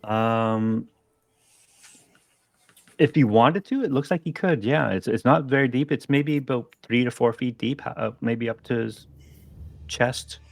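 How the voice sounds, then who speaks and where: A man narrating as game master of a tabletop role-playing game, relaxed and hesitant with fillers. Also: medium pitch, unhurried, gravelly, pauses often, no room sound. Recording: faint music behind.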